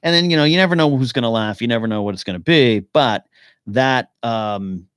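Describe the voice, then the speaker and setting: A man's voice: medium pitch, brisk, a bit bright, clear, resonant tone, no room sound, clean studio sound. A man hosting his own live podcast, rambling and thinking aloud while he answers questions from the chat. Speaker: podcast host. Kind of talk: casual live-stream chat.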